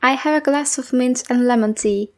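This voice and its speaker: A woman's voice: sits high, moderate pace, a little mellow, close to an everyday voice. A woman voicing a patient, caring mother who soothes and calls others honey.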